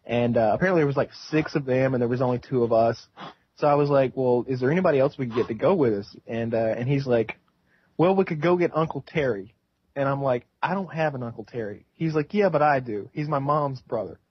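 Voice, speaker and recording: A man's voice: mid-range voice, brisk, a little hiss or hum. A young man in casual chat, eagerly telling a story and acting out the quotes. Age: young adult. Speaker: podcast co-host. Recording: dull lo-fi audio.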